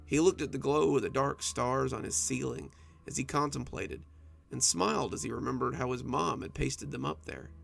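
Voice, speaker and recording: A man telling a spooky bedtime story in an expressive, dramatic scripted narration, with faint music behind. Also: mid-range voice, moderate pace, vocal fry.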